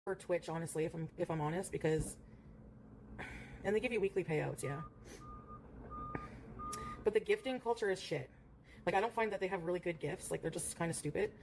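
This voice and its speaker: A woman's voice: fairly low pitch, fairly quick, long pauses, noisy background. A woman streamer chatting casually in a rambling way, full of fillers, and cooing at her cat between remarks. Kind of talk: casual livestream chat.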